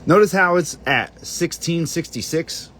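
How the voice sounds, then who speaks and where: The channel host hunts through on-screen documents as he rambles, muttering and cursing under his breath. His voice is a little high and fairly bright, his pace unhurried, with a bit of hiss or hum in the recording.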